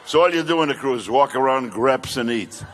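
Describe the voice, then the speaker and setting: An older male comedian doing stand-up, telling brash rapid-fire jokes. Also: mid-range voice, animated, slight background noise.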